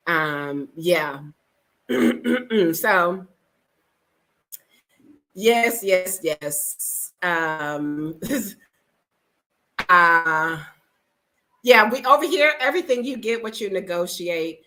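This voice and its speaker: In an unhurried, lowish voice, a middle-aged American woman tells frank, casual stories to camera, animatedly acting out the people involved. The rough recording carries a little hiss or hum.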